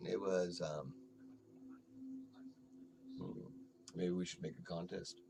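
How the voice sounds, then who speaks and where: A man's voice: low voice, fairly even intonation, slow pace, gravelly, noisy background. A man co-hosting a casual podcast, dry and argumentative as he corrects his co-host. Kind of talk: casual chat.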